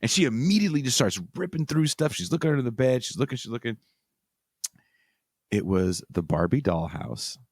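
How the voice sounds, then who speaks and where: A man hosting a podcast, telling a story in casual chat, animated and swearing freely with self-mocking humor. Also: medium pitch, a little fast, no room sound, clean studio sound. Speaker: podcast host.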